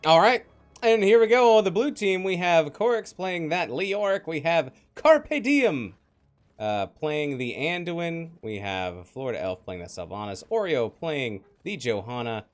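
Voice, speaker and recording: A man's voice: a little high, measured pace. A man casting a video game match live, calling plays and reading chat. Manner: lively play-by-play, reads chat. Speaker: esports caster. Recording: slightly noisy online stream audio.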